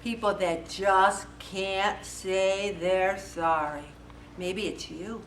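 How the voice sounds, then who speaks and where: A woman's voice: medium pitch, very slow, slight background noise. A woman in her fifties leading a faith-based support group, talking casually and animatedly to the room. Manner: chatty and animated, acts out quoted voices. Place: meeting room. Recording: echoey room from far off.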